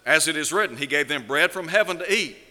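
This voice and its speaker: A man preaching a sermon, asking rhetorical questions and slowing down to stress key words. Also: on the high side, expressive, bright, forceful tone, in a large hall. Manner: measured preaching, slows down for emphasis, rhetorical questions.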